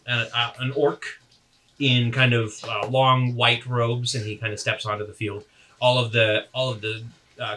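A man narrating as game master of a tabletop game, casual and halting. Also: medium pitch, pushed and bright, distant mic, slight background noise.

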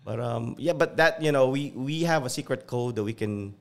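This guest, a man from Virginia in the United States, tells stories in a casual, conversational way, switching freely between English and Tagalog. His medium-pitched voice is animated and moves at a normal speed.

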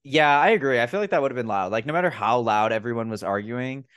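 A man hosting a podcast, chatting casually about a film and retelling scenes in a profane, animated way. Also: medium pitch, quick pace, clean tone, dry recording, studio quality. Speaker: podcast host. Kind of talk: casual film review chat.

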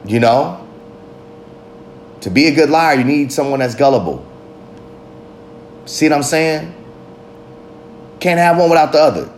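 A man's voice: a little high, lively intonation, measured pace, pauses often, slight background noise. A father talking in a candid, confessional monologue, blunt and heavy with profanity. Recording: roomy echo.

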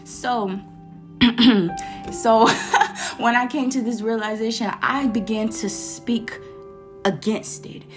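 A woman from Florida with a Florida accent, giving a casual, animated faith talk to camera, slangy and quoting scripture. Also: a little high, slow pace, long pauses, faint music behind. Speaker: Christian vlogger.

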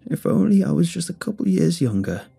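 A man voicing a deranged old woman with a soft, crackling, stuttering voice, in a narrated horror story. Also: on the high side, sing-song, a little fast, gravelly, breathy edge, pitched above the performer's own voice, exaggerated voice. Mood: leering, unhinged.

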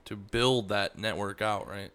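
A man's voice: on the low side, steady tone, unhurried, fairly bright tone, clean tone, dry recording. A man hosting a casual interview, curious and asking follow-up questions.

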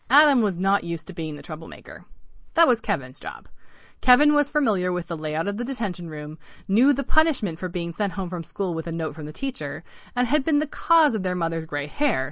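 A woman's voice: lowish voice, sing-song, brisk, fairly bright tone, dry recording. Dry-voiced woman narrating a story. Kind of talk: scripted narration of a children's story.

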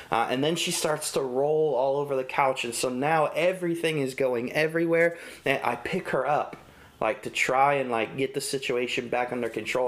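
A man's voice: mid-range voice, fairly bright tone. A young man and father preaching a devotional sermon in an earnest, conversational way, with casual fillers. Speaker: pastor.

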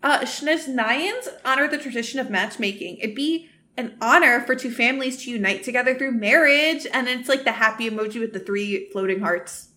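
Podcast co-host, young woman, high pitch, hammy whiny read of a spoiled character. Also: normal speed, few pauses, sharp tone. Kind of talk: casual reading of fan fiction.

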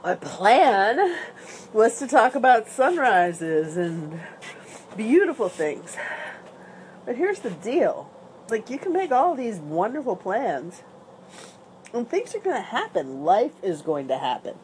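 A woman's voice: fairly high pitch, sing-song, slow, pauses often, darkish tone, a little hiss or hum. A woman talking upbeat and rambling in a casual outdoor morning vlog, with an allergy cough. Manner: rambling and upbeat, with small restarts. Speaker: vlogger. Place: outdoors with dry leaves on the ground.

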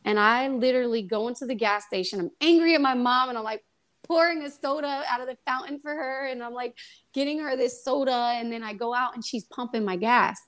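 A young woman, a guest on a faith podcast, tells a personal testimony in a lively, casual way and acts out the voices in her story. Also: a little high, a little fast.

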